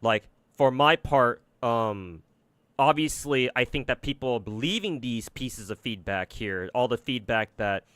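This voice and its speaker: A man's voice: mid-range voice, lively intonation, unhurried, a bit bright, smooth, no echo. A man streaming and giving casual commentary on games, rambling and swearing a lot, with many fillers and restarts. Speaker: gacha game streamer.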